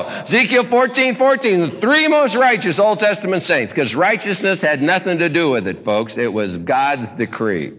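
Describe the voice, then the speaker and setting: A man preaching a folksy, joking sermon, telling stories in an animated way. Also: sits high. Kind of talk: comedic sermon. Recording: echoey hall.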